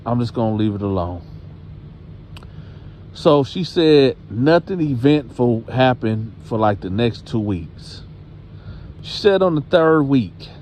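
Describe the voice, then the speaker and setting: A man's voice: medium pitch, a little mellow, a little hiss or hum. A man hosting a channel, telling a story casually and addressing his audience directly.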